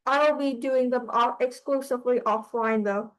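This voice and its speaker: A young woman teaching an English writing class, explaining slowly with many pauses and restarts. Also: on the high side, steady tone, rough recording. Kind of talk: online class lecture.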